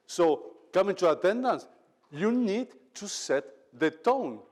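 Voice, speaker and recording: Speaking slowly in a high, sing-song voice, a man delivers a motivational leadership talk in an echoing event hall. He is emphatic and dramatizes the quotes he uses.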